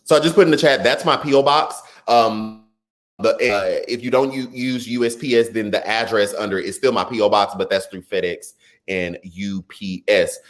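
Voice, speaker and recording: A man's voice: fairly low pitch, moderate pace. A man with a Texas twang hosting a casual political livestream, chatting with viewers and stumbling over words now and then. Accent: Texan. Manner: chatty and animated, calls the audience y'all, stumbles over words. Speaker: political commentary livestream host. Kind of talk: casual livestream commentary, reading viewer comments.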